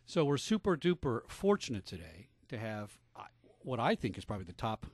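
A man's voice: mid-range voice, very animated, a little fast, dry recording. A man hosting a radio talk show, chatting casually and joking, with many fillers.

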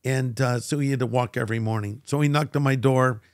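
An older man tells a long personal story as an interview guest, putting on the voices of the people he quotes. He has a medium-pitched voice recorded dry and close, with no room sound. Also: fairly quick, dry recording. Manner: animated storyteller who acts out quoted voices. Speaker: guest pastor.

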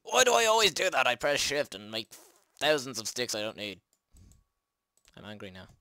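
Low-voiced man chatting over gameplay. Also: creaky, a bit bright, dry recording. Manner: chatty, self-mocking, jumpy exclamations. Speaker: gaming channel host. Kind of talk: let's play game commentary.

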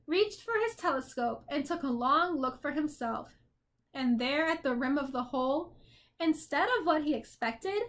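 A woman reading a children's novel aloud with expressive storytelling. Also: sits high. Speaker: narrator.

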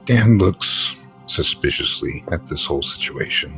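Deep, slow-spoken tabletop player. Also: male voice, expressive, a bit bright, faint music behind. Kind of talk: in-character tabletop play.

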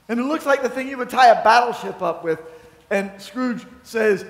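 In a church sanctuary, a pastor with a very high voice preaches at a moderate pace, retelling a story and acting out its quotes. The recording has the echo of a church hall.

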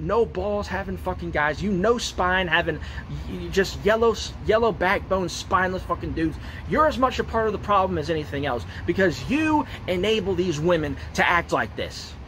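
A man's voice: high-pitched, expressive, moderate pace, a bit bright, a little hiss or hum. A man ranting angrily and profanely to camera, repeating himself and stumbling over his words. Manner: profane, aggressive, repetitive, stumbling. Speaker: ranting video poster. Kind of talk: angry rant to camera.

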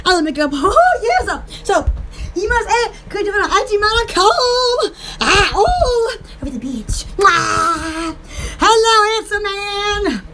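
This Southern-accented small shop owner talks up her products in a rambling, casual home-shopping chat full of giggles and exclamations. Her very high voice has a sing-song lilt, and she speaks slowly.

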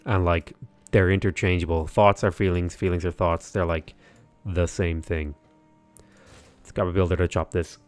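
An Irish man with a low voice talks casually on a game livestream. He rambles and restarts his sentences, leaning on fillers as he plays. The sound is close and dry, with faint game music underneath. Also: level tone, moderate pace, a little mellow, no room sound. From Ireland. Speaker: streamer.

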